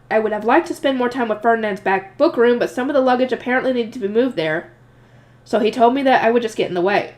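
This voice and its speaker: A woman with a nasal voice reading a novel aloud and breaking in with casual chatty reactions. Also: on the high side. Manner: chatty, reacts to the story between passages. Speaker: audiobook reader, channel host.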